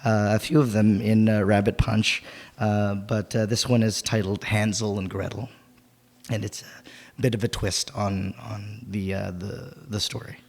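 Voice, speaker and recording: A hoarse poet with a gravelly voice, pausing often between poems and reading them with more force at a festival event. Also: male voice, lowish voice, little pitch movement. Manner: halting and filler-heavy between poems, fuller and more forceful when reading. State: hoarse from a lost voice. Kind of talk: spoken word poetry reading at a festival. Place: winery event venue, live reading.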